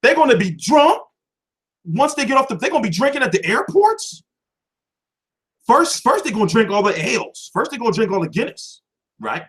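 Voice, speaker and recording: Profane guy ranting on his boxing stream, higher voice jumping all over. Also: big pitch swings, moderate pace, pauses often, fairly bright tone. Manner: loose, profane, rhetorical questions. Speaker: boxing show host. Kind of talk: casual livestream commentary.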